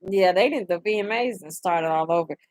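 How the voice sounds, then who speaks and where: A young woman hosting a casual live chat, animated and profane, laughing often and reading comments aloud. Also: lowish voice, fairly quick, no echo. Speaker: livestream host.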